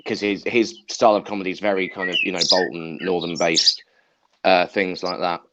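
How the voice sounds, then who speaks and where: A man's voice: sits low, flat delivery, brisk, very noisy. A man co-hosting a podcast, swapping enthusiastic anecdotes in casual chat. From Essex, England. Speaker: podcast co-host. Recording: dull lo-fi sound.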